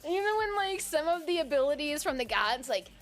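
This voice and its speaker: A young adult woman streamer from Michigan, chatting casually with her viewers and often breaking into loud laughter. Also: high voice, sing-song, fairly quick. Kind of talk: casual live-stream chat while drawing.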